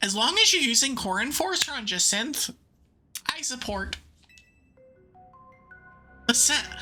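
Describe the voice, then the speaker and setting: A woman's voice: high voice, bright, forceful tone. A woman streamer giving casual, playful commentary while playing a game. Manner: chatty, playful, laughs easily.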